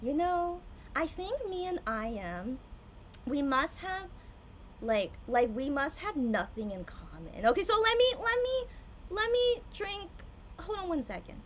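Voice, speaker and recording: Young woman, tipsy, high voice, very lively swings, excitable livestream chatter, faint hiss. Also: unhurried. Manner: excitable, swings from hushed to loud outbursts. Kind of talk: casual livestream chat.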